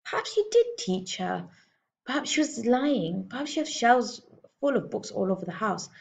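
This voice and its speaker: A woman's voice: fairly high pitch, expressive, moderate pace, gravelly, voice pushed up. A woman reading a storybook aloud, voicing a polite but firm young schoolteacher. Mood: earnest.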